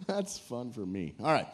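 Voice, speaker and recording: Hosting a couples game show live aboard a cruise ship, this man jokes around, ribs the players and pumps up the audience to cheer. His voice is fairly high, jumps about with energy, and carries a breathy edge.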